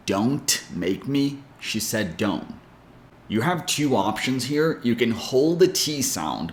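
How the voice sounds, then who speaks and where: A man teaching English pronunciation, giving clear, deliberate explanations and spelling out sounds. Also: mid-range voice. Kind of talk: scripted lesson explanation. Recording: echoey room.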